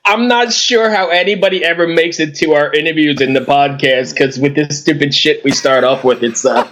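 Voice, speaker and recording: A man hosts a podcast with loose, teasing banter and frequent laughter. His voice sits a touch high for a man. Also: moderate pace, a bit bright, slight background noise. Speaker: podcast host. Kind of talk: casual banter.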